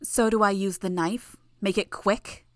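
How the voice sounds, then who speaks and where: A woman voicing a cruel, mocking young female villain who taunts in a raised, sharp voice. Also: medium pitch, steady tone, a little slow, dry recording, clean studio sound, lightly acted. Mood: threatening.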